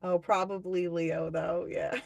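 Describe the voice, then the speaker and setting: A woman's voice: fairly low pitch, gravelly, a little mellow, no room sound. A woman hosting a live tarot-reading stream, chatting casually with viewers, reading out their comments and swearing freely.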